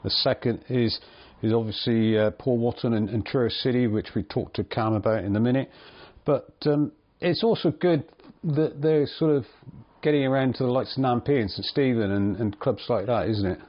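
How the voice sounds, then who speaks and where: A man hosting a local football podcast, relaxed, with light jokes and some hesitations. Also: mid-range voice, moderate pace. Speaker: podcast host. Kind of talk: casual chat and introductions. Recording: slightly dull lo-fi sound.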